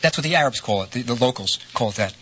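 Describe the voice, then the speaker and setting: A man's voice: medium pitch, fast talker. A middle-aged man lecturing in a storytelling way, conversational, often checking in with his listeners. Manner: animated, conversational, frequent "right?" asides. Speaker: lecturer on ancient history. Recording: slightly dull lo-fi recording with faint noise.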